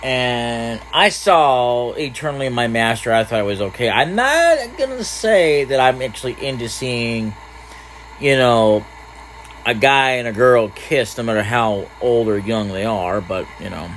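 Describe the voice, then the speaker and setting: A man's voice: medium pitch, lively intonation, measured pace, a bit bright, a little hiss or hum, rough recording. A man casually commentating a game he plays, rambling and trailing off between thoughts. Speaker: gaming channel host. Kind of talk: casual let's-play commentary.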